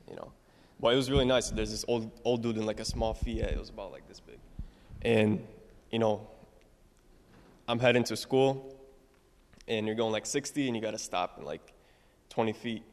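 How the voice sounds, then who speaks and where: A young man with a low, gravelly voice tells a church testimony, rambling and leaning on fillers like "like" and "you know". He is heard in an echoey hall. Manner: rambling, filler-heavy storytelling. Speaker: congregant giving testimony. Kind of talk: casual spoken testimony.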